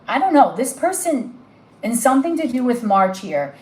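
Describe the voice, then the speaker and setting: A woman's voice: a little high, sing-song, normal speed, a little mellow, echoey room, low-quality recording. A woman giving a live tarot reading, gushing and emotional as she talks straight to the viewer. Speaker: tarot reader.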